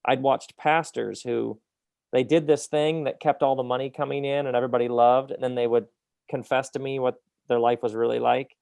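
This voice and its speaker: A middle-aged man with a gravelly, creaky edge to his voice chats as an author in an interview. He is animated and reflective, often laughing at his own points. He is recorded close and dry, with no room sound. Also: medium pitch, normal speed, no room sound. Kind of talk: casual interview conversation.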